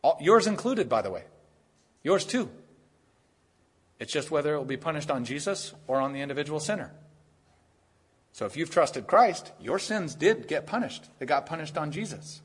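Husky-voiced man preaching earnestly. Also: on the high side, sing-song, a bit bright. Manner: earnest, conversational preaching with quick asides. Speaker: pastor. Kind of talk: sermon.

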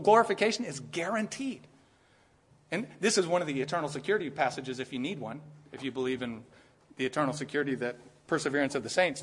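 A man's voice: medium pitch, fairly bright tone, husky. A male pastor preaching an expository sermon in a conversational way, often checking in with "right?" and growing emphatic as his point builds.

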